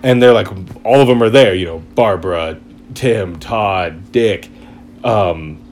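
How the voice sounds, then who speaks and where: A man chatting casually, retelling a story in an excited, rambling way and acting out quotes. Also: fairly low pitch, measured pace, slight background noise. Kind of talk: casual chat.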